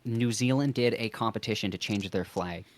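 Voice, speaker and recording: A young man from Canada, a guest on a casual stream, talking bluntly and playfully with excitable energy. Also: lowish voice, normal speed. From Ontario, Canada.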